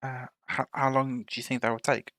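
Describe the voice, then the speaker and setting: Deep-voiced woman player, hesitant and halting; dry recording. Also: little pitch movement, fairly bright tone, dry recording. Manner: hesitant, stammering replies. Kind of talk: tabletop role-play chat.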